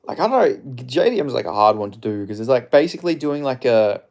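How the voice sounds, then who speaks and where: A man's voice: medium pitch, animated, quick pace, a little mellow. A man with an Australian accent, a streamer rambling loosely through viewer comments, swearing casually and filling his talk with filler words.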